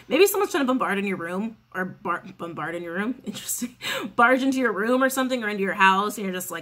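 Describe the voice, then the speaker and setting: Woman, tarot reader, casual spoken reading, chatty, sassy, swears freely, repeats herself, middle pitch. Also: quick pace, fairly bright tone.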